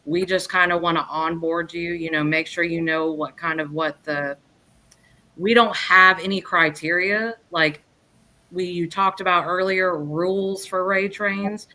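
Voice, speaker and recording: A woman guest on a podcast, chatting casually in a rambling, lively way and often restarting her sentences. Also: fairly low pitch, a little slow. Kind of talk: casual chat.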